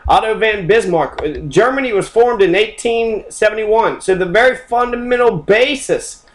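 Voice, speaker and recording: A man's voice: high voice, moderate pace, low-quality recording. A man ranting in a profane, mocking, combative monologue as a podcast host. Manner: heavy swearing, mocking and combative.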